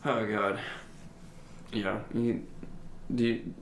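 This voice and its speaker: A young man co-hosting a podcast, telling high school stories in a casual, animated way and mimicking people in high voices. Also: extremely slow, a little hiss or hum. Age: young adult. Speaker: podcast co-host. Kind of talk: casual storytelling chat. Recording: roomy echo.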